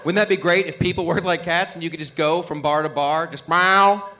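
A man doing an animated stand-up comedy routine on a club stage. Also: on the high side, fast. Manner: animated storytelling with mock cat yowls. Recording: live club recording with crowd noise. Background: audience laughter.

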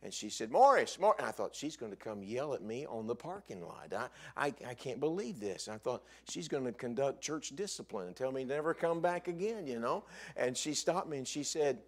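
A male evangelist preaching a sermon in a church, telling a story with lively, animated delivery that climbs high for emphasis. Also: brisk. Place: church sanctuary.

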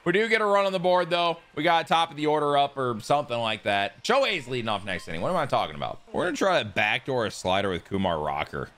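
Excitable young gamer man with a lively voice. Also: medium pitch, fast, hardly any pauses. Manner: excitable, swings from loud outbursts to mumbling asides; self-deprecating jokes. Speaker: gaming YouTuber. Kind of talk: casual gameplay commentary.

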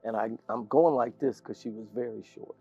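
An older man, a guest in an interview, telling an animated story and laughing often. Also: medium pitch, moderate pace, creaky, husky, soft background music. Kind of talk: storytelling anecdote in conversation. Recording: dull lo-fi sound.

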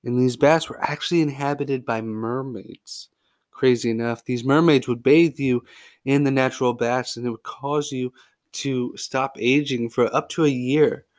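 With a medium-pitched voice at a normal speed, a podcast host narrates sports history casually. His storytelling is lively, goofy, and full of jokes.

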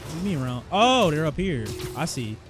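A young man giving excitable, trash-talking commentary while playing a video game. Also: on the high side, normal speed, music in the background. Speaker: gaming streamer. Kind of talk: let's-play commentary. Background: game soundtrack.

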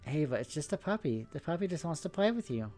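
A man voicing a gentle young father who soothes his frightened little daughter in a soft, coaxing voice. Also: on the high side, big pitch swings, quick pace, soft background music, pitched above the performer's own voice. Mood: soothing.

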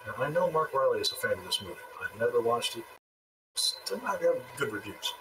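A man's voice: medium pitch, very animated, brisk, distant mic, background noise. A man hosting a movie trivia contest, reading questions, counting down and making wry asides. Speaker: trivia game host.

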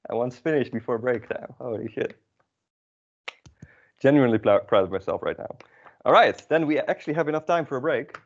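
A man teaching a beginner Dutch class, explaining in a relaxed, chatty way with many fillers. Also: medium pitch, brisk, pauses often. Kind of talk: casual classroom lesson. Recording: dull lo-fi recording.

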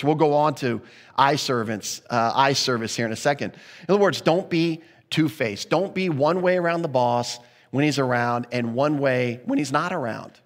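A man's voice: fairly high pitch, long reverb tail. A man preaching a sermon as pastor, earnest and conversational, often restarting his sentences mid-thought.

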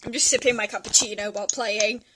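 A woman's voice: mid-range voice, steady tone, fast, noisy background. A young woman hosting a casual gameplay chat, laughing often as she plays. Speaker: host.

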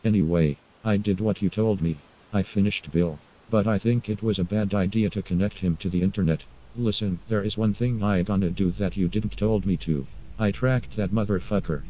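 A man's voice: fairly low pitch, fairly even intonation, moderate pace, few pauses, mellow, muffled recording, natural voice. A man voicing a cursing non-human inventor. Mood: grieving, vengeful. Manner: cursing, blunt and agitated. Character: foul-mouthed young male non-human inventor, grieving and vengeful. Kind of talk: indie animated short film acting.

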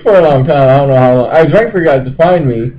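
A man's voice: on the high side, animated, racing, slight background noise. Chuckling man telling a story, lo-fi. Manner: laughs often while recounting. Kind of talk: casual storytelling chat. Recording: muffled lo-fi.

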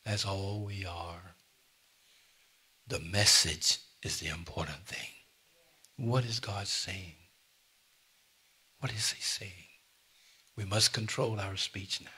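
Older preacher, husky bright voice. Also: male voice, sits low, steady tone, takes it slowly, pauses often. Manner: preaching with sudden loud emphasis and asides to the congregation. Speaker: pastor. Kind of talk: sermon. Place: church.

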